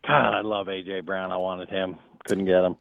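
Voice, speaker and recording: A man's voice: low-pitched, level tone, normal speed, creaky, no echo. A man calling in by phone from outdoors to a casual sports chat, laid-back with short, dry replies. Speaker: co-host on a call. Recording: tinny phone line.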